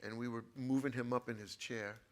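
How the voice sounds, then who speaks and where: A man's voice: medium pitch, fairly even intonation, fairly quick. A man, a book author as a guest, telling an emotional personal story in an earnest way and repeating his phrases.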